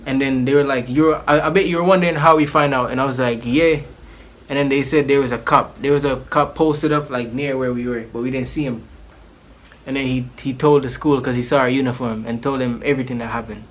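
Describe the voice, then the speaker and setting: A man's voice: mid-range voice, fast talker. A man telling a personal story in a casual vlog, rambling and slangy, with many restarts. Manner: animated, acts out the people in his story.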